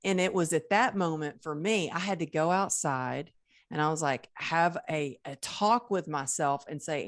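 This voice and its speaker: A woman hosting a podcast interview, telling stories in an earnest, animated way. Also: low-pitched, moderate pace. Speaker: podcast host. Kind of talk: conversational interview.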